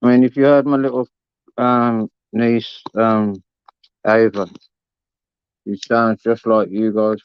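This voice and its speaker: British male host, laid-back slangy banter, smooth tone, dull lo-fi line. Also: on the low side, little pitch movement, slow, pauses often, no room sound. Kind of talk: casual chat. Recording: dull lo-fi sound.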